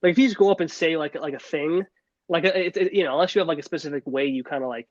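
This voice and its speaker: A man's voice: on the high side, racing, no echo, muffled recording. A young man co-hosting a podcast in casual chat, rambling with many restarts and fillers. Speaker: podcast co-host.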